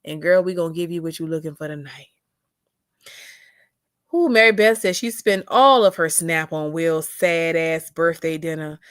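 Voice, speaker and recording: A woman's voice: sits low, moderate pace, dry recording, studio quality. A young adult woman hosting a casual livestream, reading chat comments aloud with sassy drawling asides.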